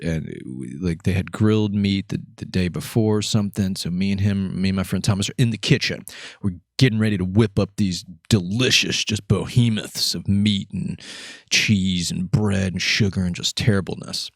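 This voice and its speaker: A man's voice: fairly quick, creaky, no echo, studio quality. Laughing, rambling young man telling a prank story. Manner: laughs through the story, voice climbs high with excitement; rambling, filler-heavy. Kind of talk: casual storytelling.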